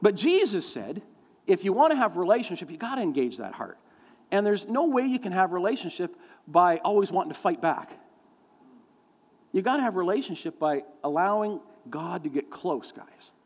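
A man's voice: high voice, big pitch swings, moderate pace. A middle-aged man preaching a sermon, telling folksy stories with lots of fillers and acting out the voices of people he quotes. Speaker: pastor. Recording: long hall reverb.

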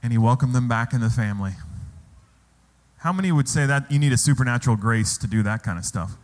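A man's voice: mid-range voice, lively intonation, quick pace, a little mellow. A man preaching a sermon as pastor in a church, asking the congregation rhetorical questions. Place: church hall. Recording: long hall reverb.

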